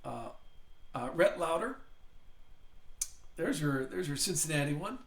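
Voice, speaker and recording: A man's voice: a little high, lively intonation, measured pace. An older man hosting a live card break, chatting in a rambling way as he reads out player names. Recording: echoey room.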